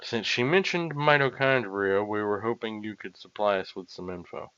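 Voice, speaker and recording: A man reading the lines of an earnest young female police detective in his own plain voice, asking steady, even questions. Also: on the low side, normal speed, clean tone, lo-fi sound, voice pushed down.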